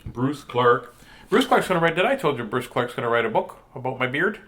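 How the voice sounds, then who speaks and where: Man, storytime host, playful, silly, mid pitch, chatty. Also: big pitch swings, fairly quick, a bit bright. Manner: playful, silly, joking tangents. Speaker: host reading picture books to children. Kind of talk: storytime reading and rambling chat.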